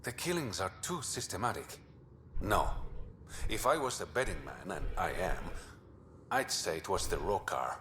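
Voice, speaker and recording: An actor playing a smooth-talking smuggler who likes a bet, speaking in a measured, self-assured way. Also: male voice, sits low, very animated, fairly bright tone, a little hiss or hum. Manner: measured, sure of himself.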